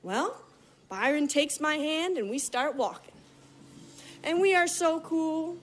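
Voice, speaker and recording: A woman performing a lively story for a live audience, telling it vividly and acting out moments as she goes. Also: sits high, a little slow. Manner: animated, vivid, acts out other people's lines.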